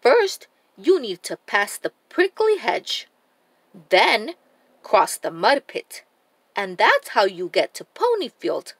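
A woman voicing a helpful talking map who gives clear step-by-step directions in a storybook read-aloud. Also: mid-range voice, wildly swooping pitch, takes it slowly, a bit bright, no echo, full character voice.

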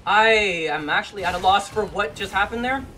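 A gamer giving let's play commentary, swearing often, grumbling low and then breaking into frustrated yells at the game. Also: fairly quick, a little hiss or hum. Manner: profane, frustrated, bursts into yells. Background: game music.

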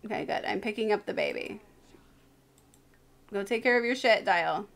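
A woman's voice: medium pitch, moderate pace, vocal fry, a bit bright. A tired woman streamer giving live commentary on her game, chatting to her characters as she plays.

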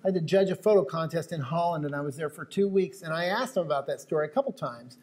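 A fast-talking American man with a voice on the high side and a darkish tone delivers an expressive lecture. As a wildlife photographer addressing a live crowd, he tells stories casually and makes asides to the room.

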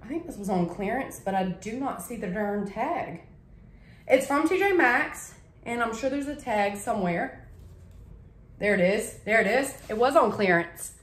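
A woman's voice: fairly high pitch, expressive, moderate pace. A woman chatting casually to camera, gushing about things she bought and tripping over her words. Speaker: vlogger showing a shopping haul. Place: home living room. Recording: echoey room.

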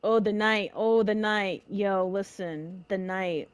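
A young woman giving emotional, dramatic let's-play commentary in casual slang, reacting loudly to what happens in the game. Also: mid-range voice, steady tone, takes it slowly, clear, resonant tone, no echo. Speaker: gamer.

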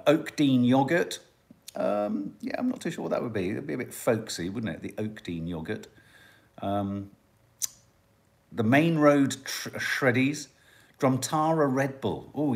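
Brief: male livestream host, jokey and chatty, voice swinging up and down, middle pitch. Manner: chatty, jokey, musing aloud. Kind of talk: casual live chat, reading out viewer comments.

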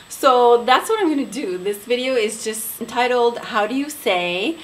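A young beauty vlogger from Quebec, Canada, chats casually to camera in a mid-range voice, unhurried and pronouncing names with careful elegance. The recording is low quality, with a little hiss or hum.

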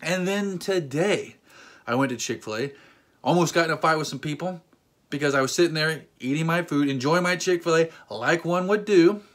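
A man's voice: fairly high pitch, fairly quick. A man in his thirties telling a story in a casual vlog, joking and acting out voices. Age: 30s. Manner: animated, acts out voices, joking rants. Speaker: vlogger.

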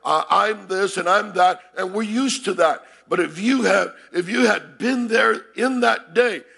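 High, gravelly preaching pastor, man. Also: a little slow. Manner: shouts and repeats phrases, calls to congregation. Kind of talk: sermon. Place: church sanctuary.

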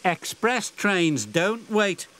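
Eager, impatient female train engine for a kids' cartoon, done by a man, very lively delivery. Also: on the high side, normal speed, slight background noise, pitched above the performer's own voice. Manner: proud and hasty.

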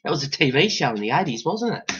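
A man's voice: on the high side, sing-song, fast talker, noisy background. A man with an Australian accent hosting a casual band vlog, jokey and exaggerated, full of slang. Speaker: band member vlogger. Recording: dull lo-fi sound.

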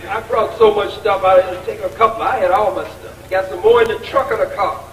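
Heard from a distance in an echoey college lecture hall, a man gives a combative, taunting speech with a preacher-like cadence. His voice is high and steady, and he talks a little fast.

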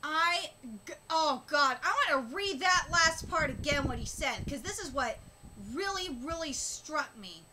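A woman streamer reacting live, her voice very high and bright. She gushes emotionally and sounds close to tears. Her talk comes in halting bursts full of fillers and restarts. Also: animated, slight background noise, rough recording. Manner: emotional, gushing, on the verge of tears.

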